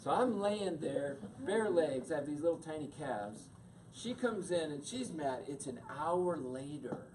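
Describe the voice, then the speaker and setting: A man's voice: on the high side, measured pace. A man giving a storytelling talk to an audience, acting out the voices in his stories. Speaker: speaker. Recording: distant mic with steady noise.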